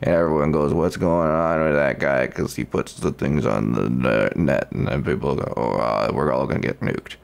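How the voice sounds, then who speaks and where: Late-night talk show host played by a man, rambling monologue, deep gravelly voice, game music. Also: moderate pace, few pauses. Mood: joking. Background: video game music.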